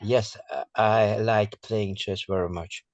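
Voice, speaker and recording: A man speaking careful, halting English as a student in an online class. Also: fairly low pitch, steady tone, a little mellow, no echo, lo-fi sound. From Russia. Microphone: video call.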